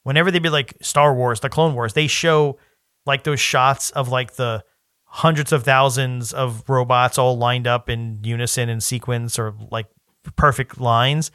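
A man co-hosting a podcast in casual chat, rambling and restarting his sentences, often breaking into animated quoted asides. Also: medium pitch, measured pace, clean tone, no echo, studio quality. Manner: rambling, self-interrupting, animated quoting. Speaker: podcast co-host.

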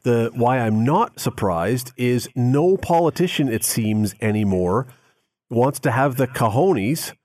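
A man's voice: mid-range voice, lively intonation, slow, darkish tone, no room sound. A man, a radio host, giving emphatic opinions in a casual on-air chat. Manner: opinionated, emphatic, mocks quoted complaints.

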